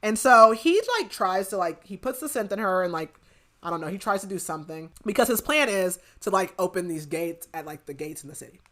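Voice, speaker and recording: A young woman talks through a book recap in a loose, rambling flow, and "like" turns up in nearly every phrase. Her voice is bright and forward. She sounds like a podcast co-host chatting casually with a friend. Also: mid-range voice, expressive, fairly quick. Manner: rambling, filler-heavy retelling with lots of "like".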